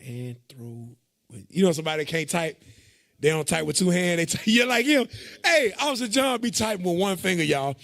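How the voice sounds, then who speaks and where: A man's voice: high voice, vocal fry, a bit bright. A man casually teaching scripture to a class, explaining verses with loose, joking asides.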